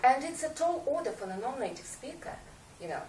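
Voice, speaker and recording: A woman's voice: high-pitched, big pitch swings, a little fast, background noise. A woman, an English speaker, giving a prepared talk to a speaking club, hesitant with many fillers and a wry, self-mocking humor. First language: Russian. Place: meeting room. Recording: echoey room, mic far off, faint ambience.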